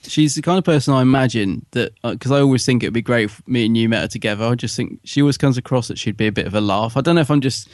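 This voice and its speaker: A man's voice: mid-range voice, fast talker, few pauses, no room sound, clean studio sound. A man co-hosting a podcast, chatting enthusiastically and conversationally. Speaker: podcast co-host. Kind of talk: casual chat.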